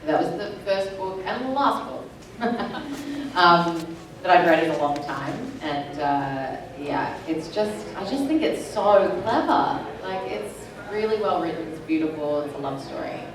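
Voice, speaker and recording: A woman's voice: lowish voice, animated, unhurried. A woman in her thirties talking casually on a convention panel, giggly and rambling. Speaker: panel guest. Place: large convention hall. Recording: echoey hall from far off, crowd.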